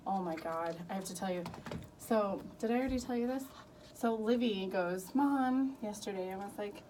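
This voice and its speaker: A woman's voice: medium pitch, normal speed. Woman telling a story on radio. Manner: animated storytelling, laughing often. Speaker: radio co-host. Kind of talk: casual radio chat. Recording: distant mic with faint noise.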